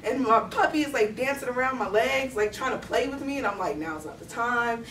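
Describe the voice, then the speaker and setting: A young woman from Texas, telling a personal story on stage at a story slam in a chatty, animated way, full of "like". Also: sits high, brisk. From Texas, USA. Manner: chatty, animated, heavy use of "like". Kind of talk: live story slam performance. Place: stage before a live audience in a hall. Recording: echoey room, distant mic, faint noise.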